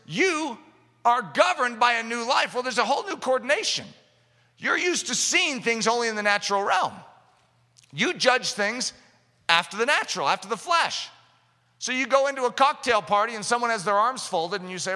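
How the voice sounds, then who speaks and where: A man preaching a sermon in an animated way, acting out little scenes and quotes in different voices. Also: high voice. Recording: long hall reverb.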